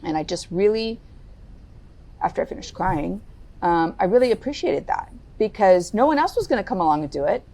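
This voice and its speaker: A middle-aged woman telling a personal story as a podcast guest, candid and deliberate. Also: lively intonation, mellow. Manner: candid, lowers her voice and speaks deliberately. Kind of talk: reflective interview storytelling.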